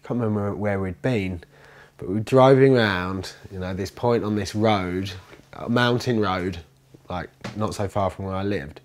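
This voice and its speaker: A man with a fairly low voice tells his story in a loose, conversational way. He rambles, restarts his sentences and gets animated as he goes. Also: normal speed. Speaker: interviewee, commune resident. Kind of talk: casual storytelling interview.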